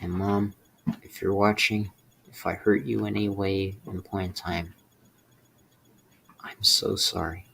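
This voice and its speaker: A young man speaking in a halting, emotional personal confession, close to tears and swearing in frustration. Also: low voice, level tone, creaky, a little hiss or hum. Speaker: streamer.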